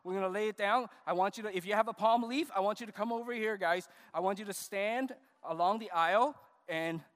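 A man pastor leading a children's service, giving animated, coaxing instructions to the kids. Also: high-pitched, brisk. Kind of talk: children's sermon with puppet skit. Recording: reverberant church hall.

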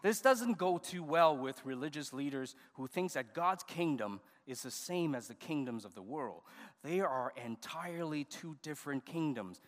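High-voiced pastor in an echoing church. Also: male voice, moderate pace. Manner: animated, coaxing instructions to kids. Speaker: pastor leading a children's service. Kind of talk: children's sermon with puppet skit. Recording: reverberant church hall.

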